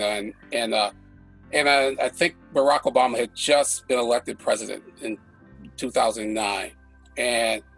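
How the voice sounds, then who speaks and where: A man with a husky, slightly rough voice recounts a personal story in a group conversation, full of false starts. His pitch sits mid-range for a man. Soft music lingers faintly behind him. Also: poor audio.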